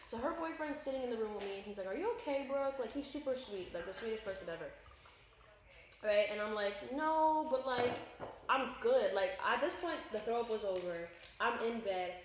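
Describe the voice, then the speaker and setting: A young woman tells her story fast and loose, full of casual slang, as a podcast co-host. The very echoey room rings around her voice, with faint noise behind. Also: medium pitch, recorded from a distance.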